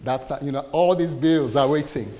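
A man preaching a testimony, telling a story in an animated way and acting out the voices in it. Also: on the high side, normal speed, big-room sound, heavy background noise. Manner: animated, acts out quoted dialogue. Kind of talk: sermon storytelling.

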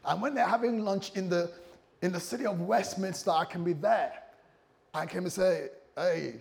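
A middle-aged male pastor preaching to his congregation, telling a personal story with lively, self-mocking humor. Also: high-pitched, moderate pace, gravelly. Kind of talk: sermon. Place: church, speaking to a congregation.

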